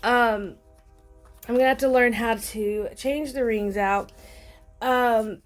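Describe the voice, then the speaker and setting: Chatty excitable woman unboxing stuff, kinda high voice, lots of ums. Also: slow, faint music behind. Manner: gushing and excitable, many fillers. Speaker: planner vlogger. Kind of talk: casual unboxing chat.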